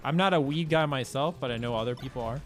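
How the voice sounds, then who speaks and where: A young man rambles casually to his stream viewers, talking in loose slang and cursing freely. His voice sits at a medium pitch. Faint music plays quietly behind him. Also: fast. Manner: laid-back and slangy, swears freely, loose rambling delivery.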